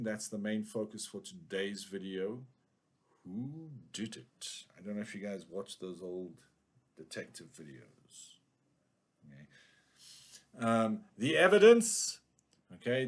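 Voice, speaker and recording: A male English teacher giving a casual video lesson, often checking in with "okay?". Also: mid-range voice.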